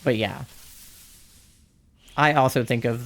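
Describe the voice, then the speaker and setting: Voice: mid-range voice, normal speed, clean tone. Young adult, live streamer, casual game-stream chat, rambling, laughs often.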